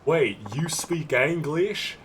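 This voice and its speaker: A man doing a halting, stilted foreign woman. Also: a little high, a bit bright, slight background noise, voice pushed up, rough recording. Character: injured foreign woman, polite.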